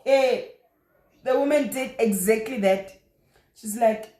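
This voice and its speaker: A young South African woman telling a personal story in a lively, animated way, with frequent exclamations. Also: on the high side, takes it slowly, pauses often. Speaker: vlogger. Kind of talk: casual storytelling. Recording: echoey room.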